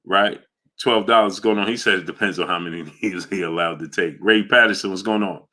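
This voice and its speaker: A man hosting a casual boxing livestream from New York, reading super chats and shouting out viewers by name in loud bursts. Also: deep voice, a little fast.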